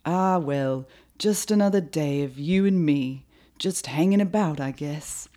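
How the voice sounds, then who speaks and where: A dreamy young British musician, as a woman puts him on in a loose, playful mock-British voice. He sounds lifted and louder than her everyday talk, musing about a song that needs more push. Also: sits low, measured pace. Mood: wistful. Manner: mock British, says "mate". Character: young male British band member, dreamy.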